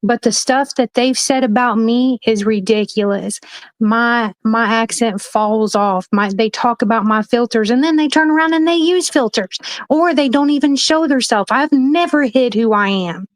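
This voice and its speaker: A woman's voice: fairly high pitch, normal speed, no echo. A woman speaking as a guest on a livestream, emphatic and rambling, with frequent swearing. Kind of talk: heated livestream chat.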